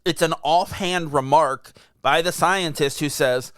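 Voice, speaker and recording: A man's voice: a little high, a little slow, fairly bright tone, smooth, dry recording, clean studio sound. A young man co-hosting a podcast, chatting casually in a laid-back, rambling way with chuckles. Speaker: podcast co-host. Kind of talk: casual chat.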